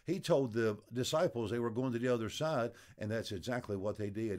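A man's voice: on the low side, expressive, a little fast, a little mellow. A middle-aged man preaching a devotional sermon as pastor, telling stories and acting out voices in them. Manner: storytelling, acts out voices in anecdotes.

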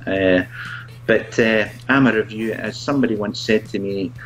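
A man who reviews products, chatting as a guest in a halting, self-mocking way and laughing often. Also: fairly low pitch, soft background music, low-quality recording. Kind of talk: casual video chat.

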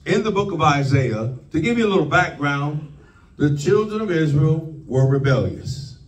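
A man preaching a sermon, slow and deliberate, leaning on repeated phrases. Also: fairly high pitch, animated, far from the mic, rough recording. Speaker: pastor.

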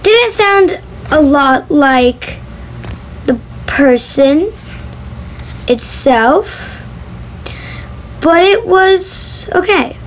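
Slow, high-voiced chatty young woman. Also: lively intonation, slight background noise, poor audio. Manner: chatty, giggly, self-conscious. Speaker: vlogger testing a voice app. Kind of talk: casual chat to camera.

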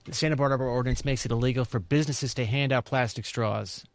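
A man co-hosting, reading news items aloud in a measured, mild, slightly hesitant way. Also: medium pitch, steady tone, no room sound, soft background music. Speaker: co-host reading news stories. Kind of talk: reading headlines in casual chat.

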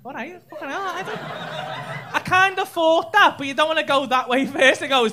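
A man's voice: very high-pitched, animated, normal speed, noisy background. A man doing brash, sweary crowd work as a stand-up comedian on a comedy club stage. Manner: brash, sweary, teasing banter with the audience. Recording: live club show with loud crowd laughter. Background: laughing audience.

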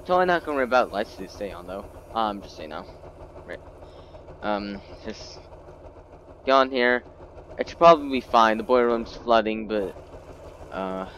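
A man's voice: lowish voice, a bit bright, slight background noise, rough recording. A man giving gameplay commentary, self-mocking and exasperated as things go wrong. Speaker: gameplay video creator.

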